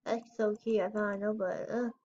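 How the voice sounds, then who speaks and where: Slow, rambling girl's game commentary. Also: on the high side, steady tone, highs cut off. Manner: rambling and unsure, with frequent "I don't know" and squealing over cute items. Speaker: gamer showing her game house. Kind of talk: casual gameplay commentary.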